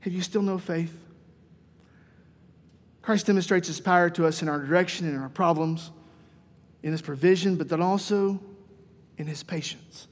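A male pastor with a high voice preaches briskly in a church sanctuary, his sermon carried by the long reverb of the hall. He swings between soft, hushed passages and lively, raised mock dialogue.

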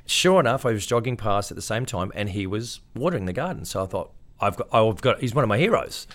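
A middle-aged Australian man with a fairly low voice tells stories in a relaxed interview. He talks casually and brings his anecdotes to life by acting out other people's voices. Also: fast. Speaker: interview guest, tribute performer.

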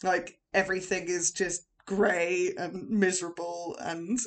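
A young woman from England co-hosting a podcast, telling animated stories and laughing often in casual chat. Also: lowish voice, a little slow. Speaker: podcast co-host.

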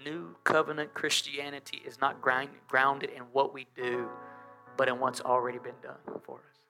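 A male pastor preaching a lively sermon in church, talking straight to the congregation and drawing it into call and response. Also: medium pitch, moderate pace, gravelly, faint music behind.

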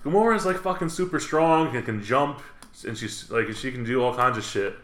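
A man co-hosting a casual podcast, rambling through fan theories in a relaxed way. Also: mid-range voice, a little fast. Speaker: podcast co-host. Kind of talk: casual chat. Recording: echoey room.

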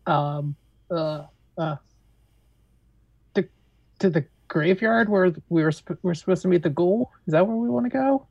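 Low-voiced woman player, dry close sound. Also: expressive, a little slow, pauses often, no echo, muffled recording. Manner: laughing, joking. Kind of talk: casual tabletop play.

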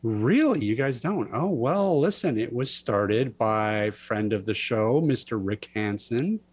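Playful male podcast host, mid-pitched, chatty and teasing. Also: lively intonation, takes it slowly, breathy edge, dry recording. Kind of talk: casual podcast banter.

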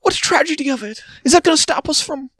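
A man doing a gushing high falsetto socialite. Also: expressive, fast talker, a bit bright. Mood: simpering. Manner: mocking, exaggerated gushing. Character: vapid simpering rich spectator, gushing falsetto.

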